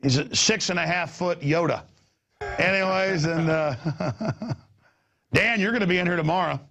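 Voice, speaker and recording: A middle-aged man hosting a talk show, rambling in an animated way and repeating his words, with a gravelly voice. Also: moderate pace, lo-fi sound. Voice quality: gravelly, husky voice. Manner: excitable, repeats words, jumps between pitches.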